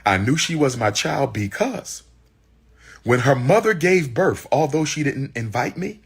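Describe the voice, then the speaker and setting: A man's voice: medium pitch, animated, a little slow, husky. A man telling an audience his personal story in a heated, exclaiming way, repeating phrases for emphasis. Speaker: public speaker.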